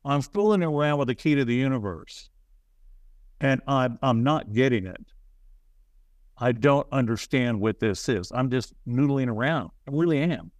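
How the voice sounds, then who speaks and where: A man's voice: medium pitch, lively intonation, darkish tone, dry recording. Guy rambling thru a story, lots of restarts, pokes fun at himself, dry close mic. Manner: rambling, halting, self-deprecating. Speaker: interview guest. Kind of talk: casual storytelling.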